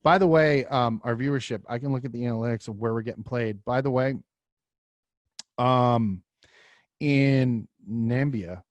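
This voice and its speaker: A male podcast host talks in a relaxed, rambling way, full of "um" and "like." His voice sits at an ordinary pitch. The mic is close and dry, with no room sound. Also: a little slow, no echo, lo-fi sound. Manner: loose, rambling, lots of fillers. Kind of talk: casual podcast chat.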